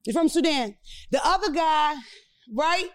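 A woman hosting a casual podcast chat, animated and joking, swearing freely as she tells stories. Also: high voice, measured pace. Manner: animated, profane, joking storyteller. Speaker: podcast host.

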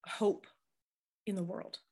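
A middle-aged woman, a hospice chaplain, telling stories in an interview with emphatic, animated delivery and frequent fillers. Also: slow. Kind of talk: conversational storytelling interview.

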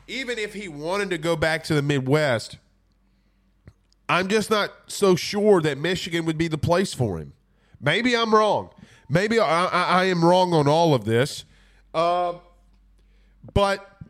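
A podcast host, congested from a cold, talks casually about sports and reads viewer comments. His slightly high voice is laid-back, rambling along with fillers.

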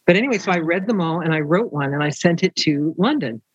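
A woman's voice: fairly low pitch, fast talker, slightly rough, no room sound, dull audio. An older woman, a romance author, telling stories in an interview and acting out the voices of the people she quotes. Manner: animated, acts out quoted voices. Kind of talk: storytelling interview.

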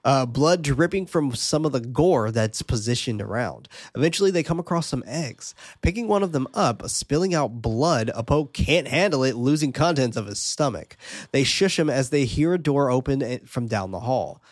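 A man's voice: mid-range voice, lively intonation, normal speed, no room sound. A man in a casual two-person podcast reads through a film's plot and breaks off into loose, amused asides. His voice sits in an ordinary middle range. The sound is dry and close, with no room. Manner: laid-back, laughs at his own asides, reads plot summary aloud. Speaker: podcast co-host recapping a film. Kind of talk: casual chat and plot recap.

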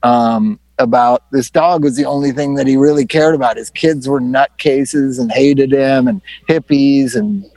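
A man's voice: medium pitch, fairly even intonation, measured pace, few pauses, a little mellow, no room sound. A man hosting a casual talk, reflecting and telling a long anecdote. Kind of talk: casual conversation.

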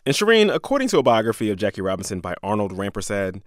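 A man's voice: on the low side, sing-song, very fast, no echo, clean studio sound. A man co-hosting a podcast, telling a history story in a casual, jokey way and laughing often. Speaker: podcast co-host.

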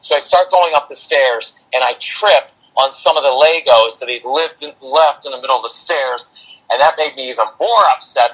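A man's voice: mid-range voice, moderate pace, slightly rough, low-quality recording. A middle-aged man, a parenting coach, telling a personal story in a podcast interview and acting out what he and his son said. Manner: animated, acts out quotes of himself and his son.

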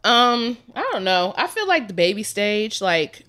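A woman's voice: mid-range voice, very animated, a little slow, a bit bright. A young woman with a new baby, a podcast co-host, talking candidly and rambling with lots of "like". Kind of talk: casual chat.

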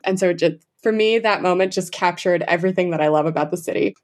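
A young adult woman chatting as an enthusiastic travel guest, full of fillers and quick asides. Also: fairly low pitch. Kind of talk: casual interview chat.

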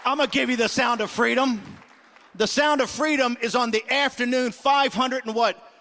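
A middle-aged man hosting a political talk show, ranting combatively and shouting in bursts. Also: very high-pitched, steady tone, normal speed, some chatter behind. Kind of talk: fiery political rant.

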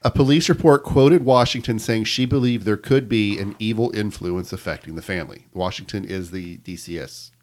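A man hosting a podcast, reading a news account aloud to his co-hosts in a measured storytelling way. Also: lowish voice. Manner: measured storytelling with quoted reports. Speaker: podcast host telling the story.

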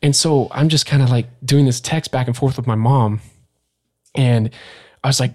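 As a guest on a podcast, a young man recounts an old experience in a casual interview. His mid-level pitch and tone stay steady, but his speech is halting, packed with "like" and repeated restarts.

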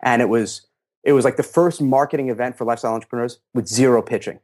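A middle-aged man, a guest in a casual interview, telling animated stories and acting out quotes in a raised voice. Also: medium pitch, fast talker. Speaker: interview guest, fitness marketer.

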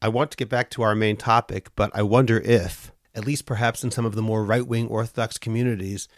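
A man's voice: fairly low pitch, fairly even intonation, brisk, no echo, studio quality. A man hosting a podcast, telling an anecdote in an earnest conversational way. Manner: earnest, storytelling with acted quotes. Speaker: podcast host. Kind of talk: conversational storytelling.

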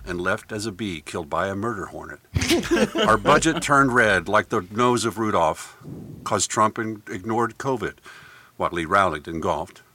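A man on a comedy talk show, joking casually and reciting a rhyming comic poem in a deadpan way. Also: on the low side, normal speed. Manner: jokey, deadpan delivery of rhymes. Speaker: comedy contributor.

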